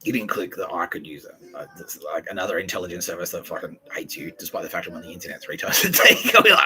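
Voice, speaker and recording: A man's voice: sits low, sing-song, fast, few pauses, pushed and bright, slight background noise, low-quality recording. A man hosting a podcast, rambling through profane casual banter and laughing often. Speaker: podcast host.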